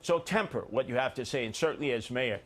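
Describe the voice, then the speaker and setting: A man's voice: medium pitch, quick pace. A middle-aged man answering as a candidate in a televised debate, blunt and plain-spoken, turning combative at his rival.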